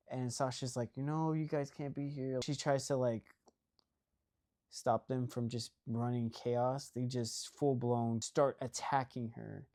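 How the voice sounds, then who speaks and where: A man's voice: mid-range voice, a little mellow. Rambling young man recapping a movie. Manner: rambling, heavy use of "like" and "right?". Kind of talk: casual movie plot recap.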